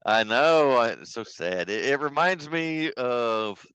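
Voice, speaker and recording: A man co-hosting a podcast, chatting casually about a film, profane and quick to laugh. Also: medium pitch, expressive, fairly bright tone, clean tone, dry recording, low-quality recording. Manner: loose, profane, laughing storyteller. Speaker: podcast co-host. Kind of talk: casual movie review chat.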